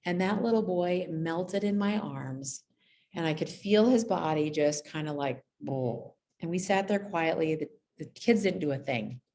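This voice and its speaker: A woman's voice: lowish voice, a little slow, mellow. A woman school guidance counselor telling classroom stories in a conversational presentation, often checking in with her listeners and acting out the children's voices. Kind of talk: storytelling presentation.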